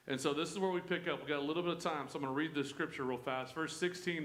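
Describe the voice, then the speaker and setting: A man's voice: fairly high pitch, fast, hardly any pauses, fairly bright tone. A man leading a church Bible study, in a folksy, joking, conversational way. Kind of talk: conversational sermon. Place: church room. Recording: echoey room.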